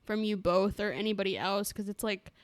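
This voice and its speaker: A woman's voice: medium pitch, brisk, dry recording. A young woman co-hosting a casual podcast, talking in a gushing, rambling way with casual swearing. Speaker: podcast co-host. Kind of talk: casual chat.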